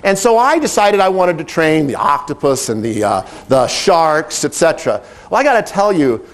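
A middle-aged man who directs animal training, telling a story in a lively, animated way and acting out the quotes. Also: on the high side, normal speed. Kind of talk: storytelling talk.

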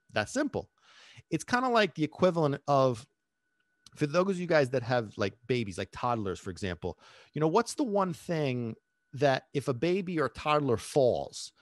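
A male dog trainer hosts a podcast monologue. His pitch rises and falls a lot as he acts out voices and checks in with listeners. The sound is close and dry. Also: no room sound. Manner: animated, acts out voices, asks listeners questions.

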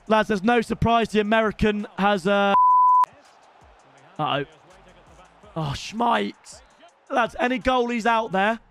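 Excitable young British male streamer, high and sharp, swears, shouts. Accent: British English. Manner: excitable, swears, shouts at the game, addresses viewers as lads. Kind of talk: live gaming commentary.

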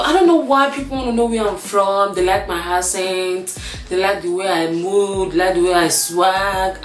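A woman's voice: medium pitch, normal speed, reverberant, soft background music. A woman in her twenties from Nigeria with a Nigerian accent, chatting playfully to her channel viewers with plenty of fillers. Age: 20s. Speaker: YouTuber. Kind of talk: casual vlog chat.

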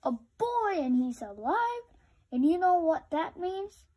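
A woman's voice: extremely high pitch, big pitch swings, slow, warm tone, pitched above the performer's own voice, heavily acted. A woman voicing a gang of rowdy, taunting skeletons in a storybook read-aloud. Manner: taunting, sing-song chanting.

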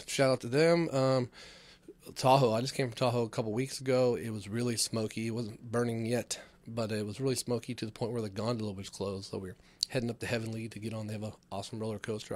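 A man's voice: mid-range voice, a little mellow, dry recording. A man from California hosting a comedy podcast alone, rambling loosely through filler words and swearing as he talks to camera. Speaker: podcast host. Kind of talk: casual comedic monologue.

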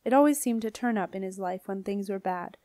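A woman's voice: medium pitch, a little fast, warm tone, no room sound. Woman reading a storybook, dry close voice. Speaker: audiobook reader. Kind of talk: scripted narration.

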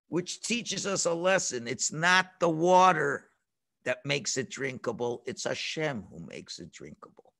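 A man teaching a children's religious class over a video call, telling the story in an animated way and acting out the voices. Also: on the high side, unhurried, vocal fry.

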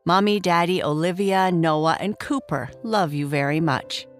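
Soft-spoken lady reading a kids bedtime story real slow, kinda low voice. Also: faint music behind. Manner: slow, soft and soothing, reading names warmly. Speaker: storyteller host. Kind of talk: gentle bedtime story narration.

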